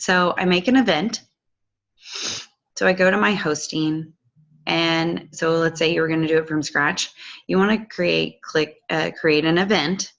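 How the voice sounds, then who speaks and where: A woman's voice: lowish voice, gravelly, fairly bright tone, muffled recording. A woman walking viewers through a casual screen-share tutorial, chatty and affectionate with loose fillers.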